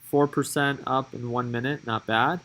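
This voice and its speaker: A man's voice: mid-range voice, steady tone, normal speed, a bit bright, poor audio. Chatty man calling live market moves. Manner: chatty, thinking aloud while watching charts. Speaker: stock trading streamer. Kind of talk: casual live-stream market commentary.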